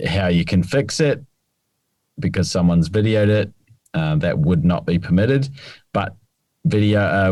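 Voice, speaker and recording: A man co-hosting a podcast as the rules expert, explaining things in a laid-back, measured way. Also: low-pitched, darkish tone, dry recording. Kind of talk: casual chat.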